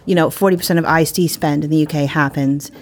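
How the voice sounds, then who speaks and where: A woman's voice: deep voice, steady tone, quick pace. A woman in her forties on a panel, speaking in an emphatic, opinionated way. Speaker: panel guest. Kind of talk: casual panel discussion.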